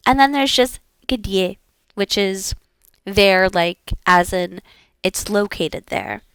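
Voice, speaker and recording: A woman's voice: mid-range voice, slow, fairly bright tone, clean tone, no room sound. A woman VTuber practicing her language lessons aloud in a casual, rambling way, often giggling and using many fillers.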